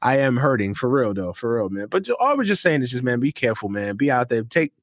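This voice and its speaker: A young man hosting a casual sports podcast, talking in an animated, slangy way and swearing freely. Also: mid-range voice, fast talker, no echo, studio quality. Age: young adult. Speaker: podcast host.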